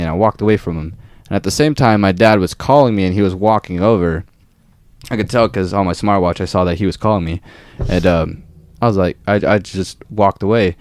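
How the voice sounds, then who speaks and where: With studio-quality sound and no room tone, a young man's voice sits on the low side and moves fairly quickly. He's co-hosting a podcast, cursing freely as he animatedly tells a work story and acts out what people said.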